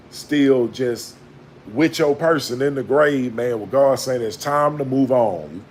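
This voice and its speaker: A man, talking in a blunt, slangy, preachy way that swings between quiet reflection and raised scolding. His voice sits in a middle pitch and is recorded on a phone held low. A faint noise hums underneath. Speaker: vlogger. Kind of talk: casual spiritual monologue. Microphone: phone camera held low.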